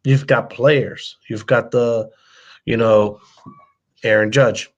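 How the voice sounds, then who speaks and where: A man co-hosting a relaxed podcast, speaking at an ordinary middle pitch. He talks hesitantly, restarting his sentences as he searches for words. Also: dull audio. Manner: halting, hesitant, many fillers and restarts. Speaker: podcast co-host. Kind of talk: casual chat.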